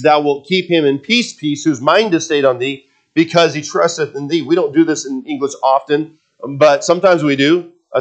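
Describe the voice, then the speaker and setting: A pastor with a fairly high-pitched voice preaches a sermon, building emphasis on repeated words. He also tosses conversational asides to the congregation.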